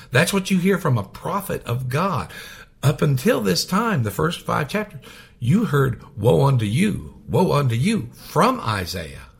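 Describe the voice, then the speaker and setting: A man preaching a sermon, swinging from loud raised passages to hushed whispers. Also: fairly low pitch, vocal fry, slightly rough.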